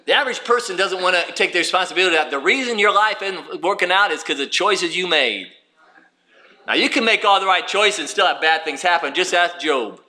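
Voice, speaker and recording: Male preacher, high bright tenor, lively sermon delivery, echoey room. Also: brisk. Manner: animated preaching with rhetorical questions and acted-out quotes.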